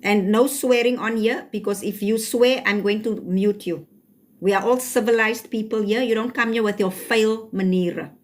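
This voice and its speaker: South African woman host, brisk and scolding, live-chat streamer. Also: mid-range voice, fairly even intonation. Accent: South African (Cape Town). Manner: firm, scolding, mixes Afrikaans phrases. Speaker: livestream host.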